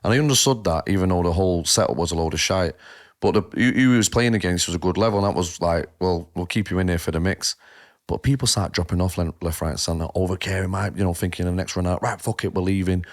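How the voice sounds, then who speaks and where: A podcast co-host with a low voice and a fast way of talking tells stories in casual chat. He's an animated storyteller who swears freely and acts out what people said.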